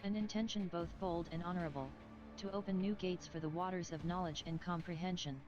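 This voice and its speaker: Low-ish woman narrator, solemn and measured, muffled game sound with quiet music. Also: steady tone. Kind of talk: scripted narration.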